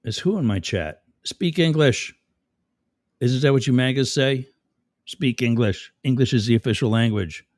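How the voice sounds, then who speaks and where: A man's voice: mid-range voice, animated, normal speed, darkish tone, dry recording, clean studio sound. A man hosting a live stream, reading chat comments aloud and mocking the commenters sarcastically. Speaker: livestream host.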